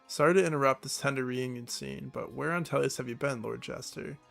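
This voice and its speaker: A man's voice: mid-range voice, brisk, creaky, fairly bright tone, soft background music. A man reading the lines of a blunt, impatient male king from a video game.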